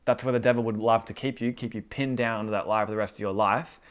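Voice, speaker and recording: A man in a casual faith talk, retelling a movie scene and acting out its dialogue, rising to loud emphatic bursts. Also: fairly low pitch, fairly even intonation, fast talker.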